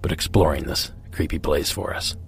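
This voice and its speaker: A man hosting a podcast, introducing callers and reflecting on their stories in a measured, scripted way. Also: rumbling low, fairly even intonation, creaky, a little hiss or hum. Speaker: podcast host.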